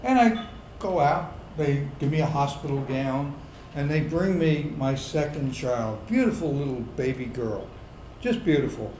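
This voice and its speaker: A middle-aged man with a fairly high voice tells a funny true story live, unhurried and drawn out, then swells into loud indignant bursts. His voice carries the echo of a roomy pub, with a faint hum of the crowd's ambience behind it. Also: lively intonation. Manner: comic, builds to loud indignant outbursts. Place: pub stage before a live audience.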